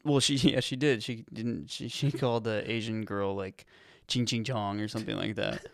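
A man's voice: on the low side, steady tone, moderate pace, gravelly, no echo, studio quality. A man hosting a podcast in casual comedy chat, rambling and ironic, often laughing. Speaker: podcast host.

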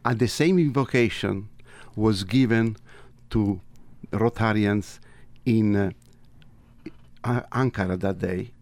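A man with a Tuscan Italian accent, a native Italian speaker, telling stories as an interview guest with animated delivery and wide swings in pitch. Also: takes it slowly, pauses often, no echo. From Italy. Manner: animated, big pitch swings, acts out dialogue. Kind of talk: interview storytelling.

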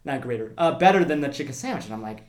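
Young co-host, casual food-review banter, middling pitch, joking tone, recorded in an echoey room. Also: animated, very fast. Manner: joking, self-correcting.

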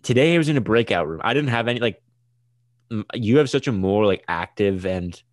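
Low-voiced young man chatting casually. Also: animated, a little fast, dry recording. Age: young adult. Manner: chatty, rambling, "dude" and "like" fillers. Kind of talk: casual chat.

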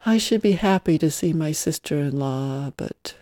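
An earnest widowed ranch mother, voiced by a reader, gentle and pleading. The tone is mellow and dark, and it sits close and dry with no room sound. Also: medium pitch, expressive, normal speed, no echo, lightly acted. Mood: matter-of-fact.

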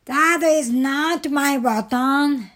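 A woman's voice: sits high, fairly bright tone, pitched above the performer's own voice, exaggerated voice. A woman reading a storybook, voicing a fussy, grumpy male toad who complains and gets angry. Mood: fretful. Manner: complaining, quick to anger.

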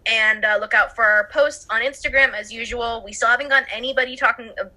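Woman, podcast co-host, giggly and playful, fairly high voice, piercingly bright tone. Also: steady tone, quick pace. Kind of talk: casual podcast chat.

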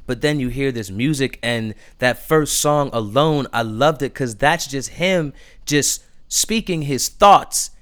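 A man hosting a podcast, gushing about new music in casual chat, stumbling over restarts in his excitement. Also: medium pitch, a little slow, smooth. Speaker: podcast host.

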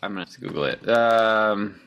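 A woman's voice: very deep voice, fairly quick, a bit bright. A woman co-hosting a casual podcast, chatty and rambling, laughing often. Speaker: podcast co-host.

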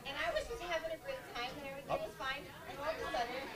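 A woman's voice: sits high, rapid-fire, a loud crowd. A woman guest on a rowdy live show, blunt and defiant in her banter.

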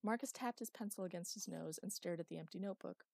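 A woman narrating a novel in a steady, even storytelling way. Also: lowish voice, fast, vocal fry, few pauses, no room sound. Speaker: audiobook narrator. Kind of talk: scripted narration.

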